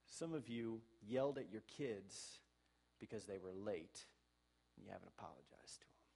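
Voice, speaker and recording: A male pastor preaching a sermon. He exhorts the congregation earnestly, swings from soft to loud, and acts out sample apologies in a conversational voice. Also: on the low side, expressive, normal speed, vocal fry, husky.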